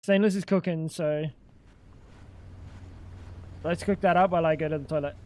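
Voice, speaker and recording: A man's voice: a little high, steady tone, normal speed, darkish tone. A British man chatting casually with his live-stream audience while playing a game, swearing freely.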